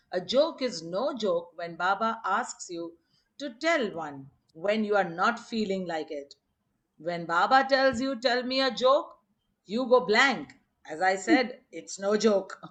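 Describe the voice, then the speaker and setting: A woman reading anecdotes aloud on a video call, laughing often and acting out the quotes. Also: mid-range voice. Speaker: storyteller on a group video call.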